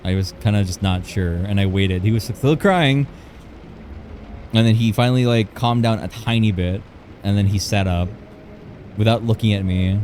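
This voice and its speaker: A man's voice: on the low side, normal speed, a little mellow, slight background noise. A young man livestreaming, telling a personal story in a casual, rambling way, often restarting and correcting himself.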